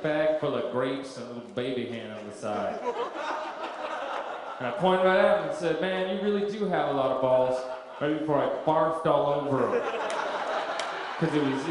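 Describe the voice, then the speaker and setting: A man performing a stand-up comedy set on a club stage, telling stories in a deadpan way with absurd punchlines. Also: on the high side, heavy background noise. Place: comedy club stage before a live audience. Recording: echoey club with crowd laughter. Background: audience laughter.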